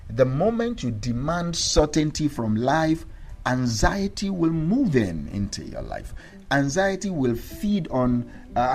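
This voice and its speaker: A man's voice: on the high side, darkish tone. A man hosting a daily mindset podcast, giving an emphatic motivational talk that repeats its key lines and checks in with "all right?". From Africa. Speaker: mindset coach and podcast host.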